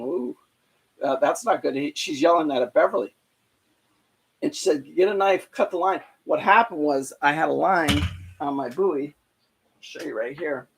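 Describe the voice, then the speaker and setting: A middle-aged man with a slightly husky voice at an ordinary pitch tells a boating story on a casual live stream. He rambles, fills pauses with "uh" and "um", and often restarts his sentences. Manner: rambling, many fillers and restarts. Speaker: boating vlogger.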